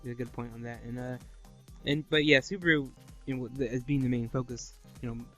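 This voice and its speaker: Man, co-host of a review show, casual and quick, loose and rambling. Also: medium pitch, fairly even intonation, fairly bright tone, soft background music. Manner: rambling, many "you know" fillers.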